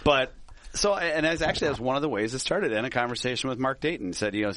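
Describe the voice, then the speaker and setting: Fast-talking middle-aged man telling stories. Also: mid-range voice, animated, a bit bright. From Minnesota. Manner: storytelling, laughs often. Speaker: politician guest. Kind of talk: casual radio talk.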